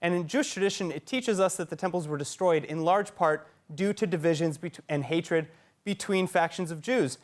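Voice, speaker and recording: A man's voice: fairly high pitch, normal speed. A man anchoring a news debate, trying politely but persistently to interject and steer the discussion. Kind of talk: news moderation.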